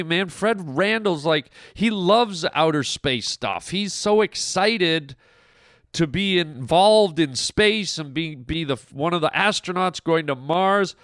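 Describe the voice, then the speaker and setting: A male comedic actor rambles through animated stories, full of fillers and restarts. His voice is clear and resonant. The recording is close and dry, with no room sound. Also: medium pitch, dry recording. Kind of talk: recorded message, casual storytelling. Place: recorded separately from the hosts.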